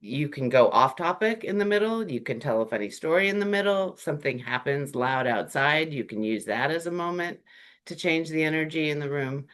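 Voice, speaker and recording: A workshop presenter speaking in a relaxed, conversational way, with frequent fillers and lively shifts in tone. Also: mid-range voice, a little fast. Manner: animated, acts out short quoted greetings; chatty, with frequent "um" and "like".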